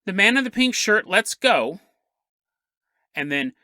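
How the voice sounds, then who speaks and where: Male podcast host, animated joking storyteller; bright, forward tone. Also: high-pitched, a little slow, no room sound, clean studio sound. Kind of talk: casual storytelling narration.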